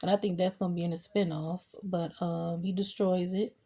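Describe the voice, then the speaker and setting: A young woman with a husky, mellow voice gives a casual recap of a TV episode. She tells it in an animated way and slips into short acted quotes of the characters. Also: fairly low pitch, moderate pace. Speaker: TV show reviewer.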